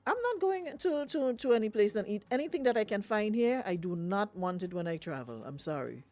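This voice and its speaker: A woman's voice: mid-range voice, big pitch swings, brisk, a little mellow. A Grenadian woman hosting a radio show, chatting casually with lots of fillers and laughs. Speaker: radio host.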